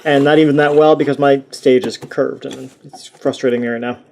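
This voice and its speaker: A man's voice: mid-range voice, steady tone, a little fast, creaky, a little mellow, a little hiss or hum. A young man reviewing a toy in a casual, rambling way, self-deprecating and full of restarts.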